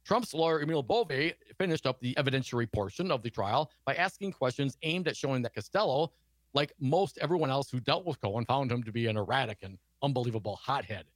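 A man's voice: mid-range voice, expressive, fast, dry recording. A man co-hosting a political talk show, reading news stories aloud and adding sarcastic asides.

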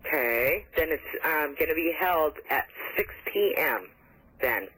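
A woman's voice: low-pitched, animated, measured pace, a bit bright, breathy edge. A woman working as a hotel reservations clerk on a phone call, polite and trying to stay professional while giggling. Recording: tinny phone line.

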